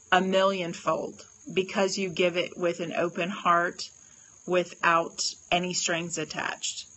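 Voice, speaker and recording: A woman with a lowish but bright, forceful voice hosts a casual livestream card reading. She gushes effusively and keeps greeting her viewers by name. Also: rough recording. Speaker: livestream host giving oracle card readings.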